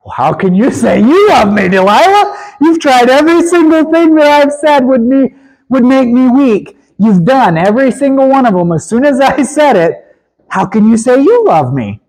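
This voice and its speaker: A man's voice: very high-pitched, animated, normal speed, a little mellow, voice pushed up, heavily acted, poor audio. A man voicing an exasperated lover who reproaches the woman he is with.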